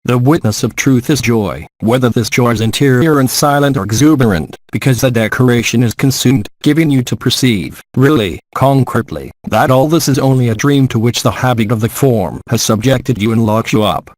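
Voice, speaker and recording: A man reads an English translation of a spiritual gathering at a mid pitch in a measured, steady way. He is close to the mic. There is almost no room sound. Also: dry recording. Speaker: translation voice-over.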